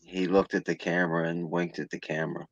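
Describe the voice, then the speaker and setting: A man's voice: low-pitched, flat delivery, brisk, highs cut off, a loud crowd. A man co-hosting a casual wrestling chat, talking in an emphatic, jokey way. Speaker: podcast co-host.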